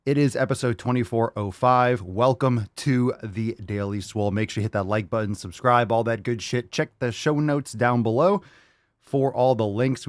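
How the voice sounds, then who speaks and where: A man's voice: mid-range voice, no echo, clean studio sound. A man hosting a casual podcast, joking crudely and talking with hype. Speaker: podcast host.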